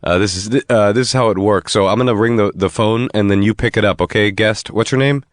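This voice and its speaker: A man who is a comedian guest in a studio, making wry, deadpan jokes in casual chat. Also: fairly low pitch, quick pace, dry recording.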